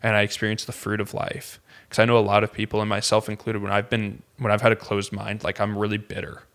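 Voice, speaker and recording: A man's voice: lowish voice, completely flat delivery, quick pace, vocal fry, a bit bright. A man, a pastor, talking earnestly in casual conversation, with many fillers and restarts.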